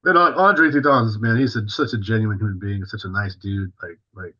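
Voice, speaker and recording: A man's voice: lowish voice, fairly quick, pushed and bright, breathy edge, lo-fi sound. A male drummer, a guest on an interview, tells a story casually and animatedly, full of fillers and acting out what others said.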